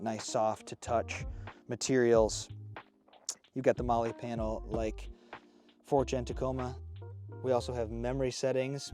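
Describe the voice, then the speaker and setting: Breathless, excited man in his thirties. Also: medium pitch. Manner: enthusiastic, excitable. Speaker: off-road vehicle reviewer. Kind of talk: casual walkaround review.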